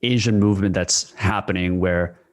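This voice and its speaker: A young man of South Korean background hosting an interview, speaking calmly and reflectively. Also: low voice, normal speed. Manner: calm, reflective, short affirmations. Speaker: interview host. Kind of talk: conversational interview.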